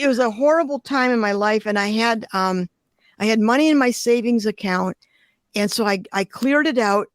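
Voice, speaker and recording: A woman's voice: mid-range voice, dry recording. An older woman from Detroit, a glass artist telling vivid, emotional stories in an interview. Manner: vivid, emotional, expressive storytelling. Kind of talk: storytelling interview.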